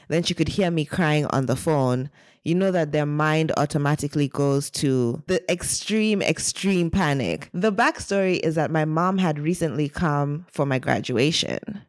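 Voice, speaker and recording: A woman telling a personal story in a casual, animated, dramatic way, with many "like" fillers. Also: deep voice, no echo, studio quality. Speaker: guest storyteller.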